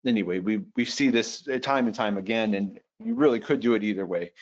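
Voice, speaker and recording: Male online instructor, lowish voice, patient explainer with fillers; muffled computer-mic sound. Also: fairly quick. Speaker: webinar instructor. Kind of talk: live teaching webinar. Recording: dull lo-fi web audio.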